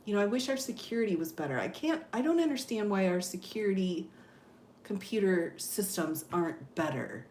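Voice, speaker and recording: A woman's voice: mid-range voice, expressive, moderate pace, a little mellow, reverberant, a little hiss or hum. A woman hosting a casual livestream, reading viewer comments aloud, laughing often and exclaiming "oh my goodness.". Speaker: livestream host.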